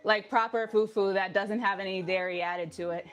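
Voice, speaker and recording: Slightly out of breath and laughing often, a woman fitness instructor keeps things upbeat while casually chatting with live-stream viewers. She talks at normal speed in a steady, medium-pitched voice as faint music plays.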